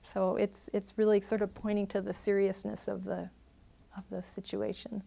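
A woman's voice: mid-range voice, level tone, moderate pace, creaky, mellow. A woman meditation teacher giving a dharma talk and answering questions, thoughtful and hedging, laughing easily.

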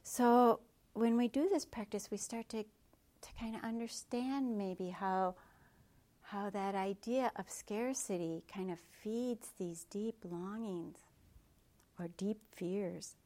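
A woman meditation teacher giving a dharma talk in a gentle, reflective way with soft asides. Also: medium pitch, slow.

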